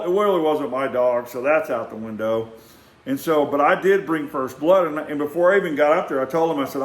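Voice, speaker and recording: An older man, telling a rambling personal story in an animated way, acting out sounds and often restarting his sentences. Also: a little high, echoey room.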